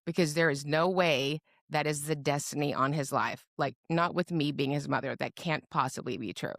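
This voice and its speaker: A woman's voice: low-pitched, normal speed, creaky, no echo, studio quality. A middle-aged woman, a podcast guest and advocate, telling her story with humor and acting out the people she quotes. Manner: lively storyteller who acts out quoted voices with humor. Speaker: guest, special education advocate. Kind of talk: personal storytelling in a podcast interview.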